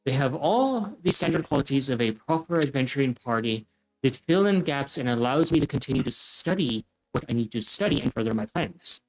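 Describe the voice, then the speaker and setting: A man's voice: mid-range voice, lively intonation, fairly quick, rough recording. A man voicing an arrogant, scheming male scholar who speaks in a formal, cutting and pompous way. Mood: condescending.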